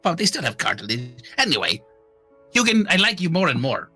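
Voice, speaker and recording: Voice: medium pitch, a little fast, slightly rough, faint music behind. A player in casual chat, swearing freely as they react. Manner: swears casually, very lively intonation.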